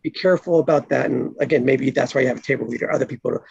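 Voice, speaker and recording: A man's voice: medium pitch, rapid-fire, creaky, a little mellow, husky, no echo. A man chatting casually on a video call, rambling with many fillers. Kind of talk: casual online group chat. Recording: dull dry lo-fi call audio.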